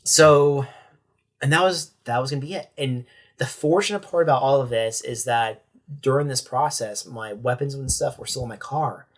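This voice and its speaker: A young adult man speaks at a middle pitch, recounting his own hard experience as a guest on a podcast. He talks candidly and with emotion. He often stops and starts his sentences over. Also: normal speed. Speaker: sheriff's corporal and podcast guest. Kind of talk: personal account in a podcast interview.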